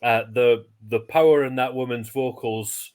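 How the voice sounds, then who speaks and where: A man's voice: medium pitch, steady tone, unhurried, darkish tone, smooth. A man co-hosting a casual podcast, hesitant with fillers as he talks. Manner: hesitant, lots of fillers and restarts. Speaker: podcast co-host. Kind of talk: casual chat.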